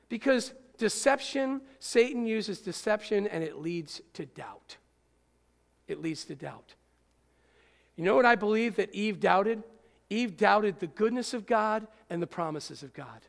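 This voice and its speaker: High gravelly preacher in a reverberant hall. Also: male voice, measured pace. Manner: animated, rhetorical questions to congregation. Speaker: pastor. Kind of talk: sermon.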